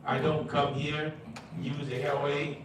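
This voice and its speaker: Halting man speaking from far off in a hall. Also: fairly high pitch, completely flat delivery, slight background noise. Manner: halting, repetitive, broken English. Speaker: public commenter. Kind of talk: public comment at a meeting. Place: large echoey meeting hall.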